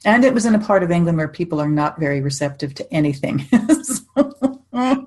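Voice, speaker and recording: A woman's voice: lowish voice, lively intonation, normal speed, a little mellow. A middle-aged woman, a psychic medium, telling chatty stories in casual conversation, often laughing and restarting her sentences.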